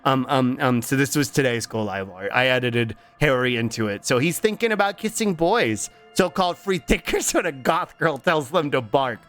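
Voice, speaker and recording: A man's voice: medium pitch, animated, normal speed, a bit bright, faint music behind. A man streaming a game in casual, playful chat, rambling with lots of repeated fillers. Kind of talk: casual livestream chat while gaming.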